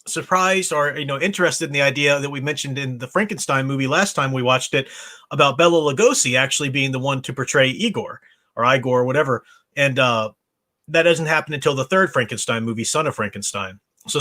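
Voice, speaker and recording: A man's voice: mid-range voice, sharp tone. A man hosting a casual movie-rewatch livestream, rambling with many restarts over a computer mic. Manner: rambling, with frequent fillers and restarts.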